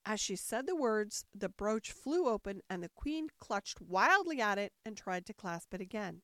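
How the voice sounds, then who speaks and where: A woman narrating a storybook aloud in an expressive way, switching into voices for the characters. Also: medium pitch, moderate pace, few pauses, no echo, clean studio sound. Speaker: audiobook narrator. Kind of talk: storybook reading.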